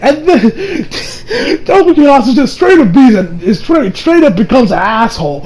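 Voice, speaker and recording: A young man casually recapping an anime episode, rambling and excitable, often breaking into laughter. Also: very high-pitched, a little slow, poor audio. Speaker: anime reviewer.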